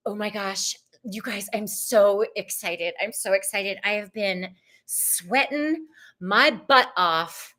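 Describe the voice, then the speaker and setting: A woman's voice: medium pitch, slow, sharp tone. A woman hosting a live tarot stream, gushing and greeting viewers by name in casual chat.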